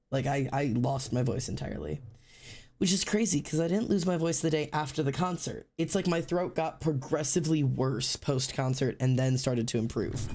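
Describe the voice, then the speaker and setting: Male streamer, slightly high-pitched, sore throat, keeps it low-key and chatty while drawing. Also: a little mellow. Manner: chatty, rambling, swears casually; deliberately low-energy delivery. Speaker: livestreamer. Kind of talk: casual livestream chat while drawing.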